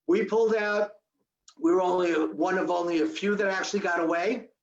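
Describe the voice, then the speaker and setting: Guy telling his story to a crowd, high voice, acts out every line, kinda muffled lo-fi sound. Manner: animated, acts out quoted dialogue with sharp pitch jumps. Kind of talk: storytelling talk to an audience. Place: audience hall. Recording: dull lo-fi recording.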